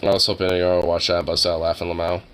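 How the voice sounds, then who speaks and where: A man's voice: sits low, level tone, fast talker, fairly bright tone, slight background noise, low-quality recording. A young man streaming live, chatting casually with his viewers in a rambling, joking way full of filler words.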